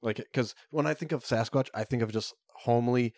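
A man's voice: medium pitch, brisk, darkish tone, no echo, studio quality. A man co-hosting a podcast, chatting casually, rambling with many fillers and restarts. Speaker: podcast co-host. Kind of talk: casual chat.

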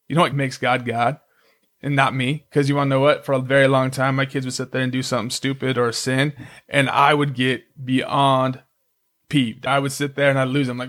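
A middle-aged man co-hosting a faith-based parenting podcast with his wife, with a voice of ordinary pitch. He talks earnestly and rambles, slipping in jokes at his own expense. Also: fairly bright tone. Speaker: podcast co-host. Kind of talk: casual Christian parenting podcast chat.

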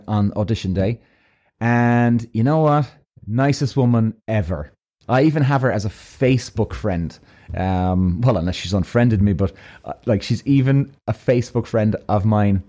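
An Irish man telling a personal story in a loose, swearing, animated way, acting out both sides of each conversation. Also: fairly low pitch, moderate pace. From Ireland. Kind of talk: casual storytelling.

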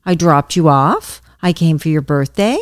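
Lively, low-voiced middle-aged woman, dry sound. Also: a little slow, no echo. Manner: teasing, reads out prompts. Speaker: mother and host. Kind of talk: casual chat.

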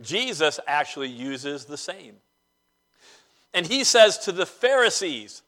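A man preaching a sermon as pastor of a church, conversational with dry humor and pauses. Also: on the high side, big pitch swings, pushed and bright.

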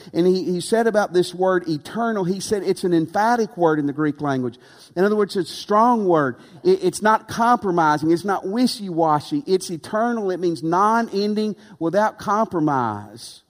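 A man preaching a sermon as pastor, earnest and emphatic, with dramatic pauses. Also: high-pitched. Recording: long reverb of a large hall.

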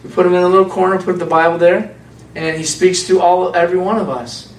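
A man's voice: sits high, fast. Echoey, distant male preacher. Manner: animated, conversational preaching with rhetorical questions. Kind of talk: sermon. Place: church hall with a congregation. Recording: echoey room, speaker far from mic, faint background noise.

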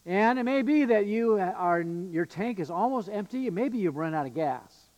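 A man's voice: high voice, expressive, normal speed, a little mellow. A male pastor giving an earnest, emphatic sermon with occasional fillers and restarts. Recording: long reverb of a church hall.

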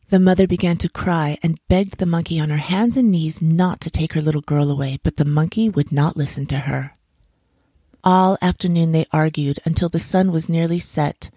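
A woman reading a children's story aloud in a gentle, expressive storytelling manner. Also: low voice, vocal fry, no room sound, clean studio sound.

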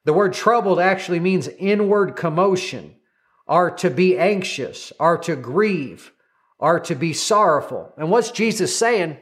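High-voiced man preaching a sermon. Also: unhurried. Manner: exhorting, repeats "come on", has listeners say lines after him. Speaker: pastor.

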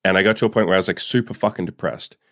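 A man's voice: sits low, racing, fairly bright tone, no echo, studio quality. A man vlogger telling a personal story in a candid, profane way, full of "like" fillers. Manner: candid and profane, heavy use of "like". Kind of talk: casual storytime monologue.

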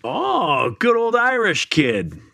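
Bright-voiced man, joking podcast co-host. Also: high-pitched, slow pace, gravelly, no echo, clean studio sound. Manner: animated, jokey, playful voices when quoting people. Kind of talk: casual chat.

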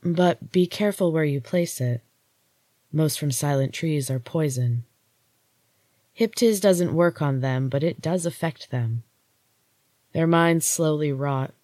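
A woman reading a story aloud, voicing a glowing golden goddess who speaks low, hushed and measured. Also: no echo. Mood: grave. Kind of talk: audiobook-style story reading.

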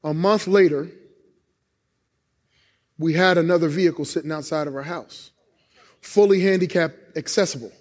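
A high-pitched male pastor preaching in church, acting out God's answers as he tells emotional stories from his own life. His voice rings through a hall with a long, lingering reverb. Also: normal speed, long pauses, darkish tone. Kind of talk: sermon.

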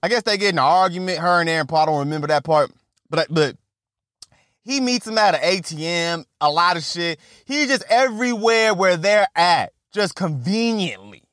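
A man retelling a film plot in casual, profane, animated talk, often stammering and repeating himself. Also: high voice, moderate pace, no echo, studio quality. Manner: animated, repetitive, swears constantly, stammers on restarts. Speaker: movie recap vlogger.

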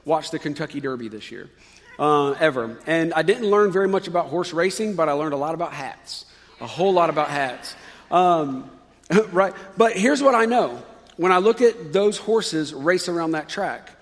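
A man's voice: fairly high pitch, long reverb tail. A male pastor preaching a sermon in a conversational way, rising with emphasis on key points.

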